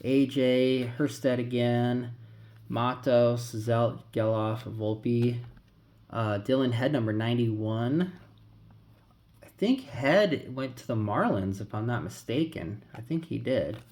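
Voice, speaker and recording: A man's voice: mid-range voice, slow, a little mellow. A man casually talking through a pack opening, rambling and calling out names as he flips through cards. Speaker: card collector vlogger.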